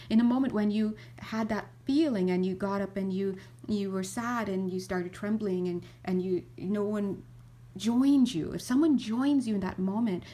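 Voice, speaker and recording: A middle-aged woman, a spiritual teacher and energy healer, giving an animated casual talk and acting out little scenes. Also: mid-range voice. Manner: animated, acts out little scenes, many restarts.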